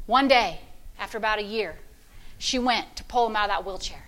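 A woman pastor preaching a fervent sermon, with call-and-response and sudden loud shouts of praise. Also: medium pitch, a little fast.

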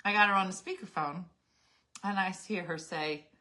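A woman hosting a casual chat, telling stories with lively acted-out quotes. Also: fairly low pitch, normal speed. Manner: lively storyteller acting out quotes. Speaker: host.

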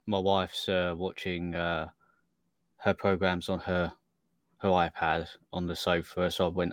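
A man's voice: deep voice, flat delivery, a little slow, no room sound. A middle-aged man telling a wry story in casual chat on a podcast.

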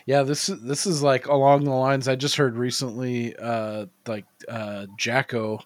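A man co-hosting a podcast, chatting casually, excitable and swearing. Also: mid-range voice, measured pace, no room sound. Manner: excitable, swears, short reactions. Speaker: podcast co-host.

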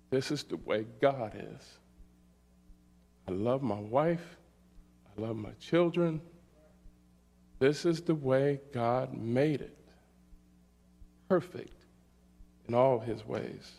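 Slow-preaching middle-aged Midwestern pastor. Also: male voice, mid-range voice, vocal fry. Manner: slow, emphatic preaching with frequent "all right?" checks. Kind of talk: sermon.

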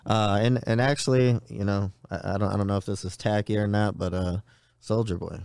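A man hosting a casual radio show, talking in a halting way with many restarts. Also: fairly low pitch, steady tone, gravelly, darkish tone, clear, resonant tone, dry recording, studio quality. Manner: halting, lots of uhs and restarts.

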